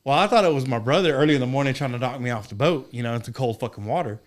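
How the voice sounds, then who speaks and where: A man in casual podcast chat, telling a fishing story with lots of profanity and lively acted-out exclamations. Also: mid-range voice, rapid-fire. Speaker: podcast participant.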